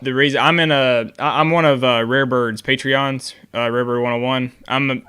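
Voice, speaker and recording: A man co-hosts a whiskey talk show, chatting casually and telling rambling stories that he keeps interrupting himself in. His medium-pitched voice is steady, clear, resonant, pushed, and bright, at a moderate pace.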